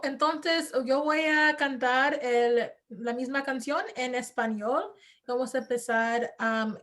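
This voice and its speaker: A woman with a notably high voice retells a children's story song over a video call. She speaks casually and fills her pauses with little hesitations. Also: fairly bright tone. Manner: casual, with fillers. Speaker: teacher trainer.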